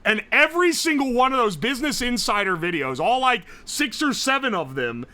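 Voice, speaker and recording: A young man from the United States chatting casually on a live stream, rambling, excitable and swearing freely. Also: very high voice, fairly quick.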